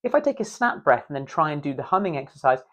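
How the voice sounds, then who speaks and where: A man's voice: on the high side, sing-song, quick pace, fairly bright tone. A man teaching breath work for speaking, playful and demonstrative, with self-mocking asides. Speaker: voice coach. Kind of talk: instructional video.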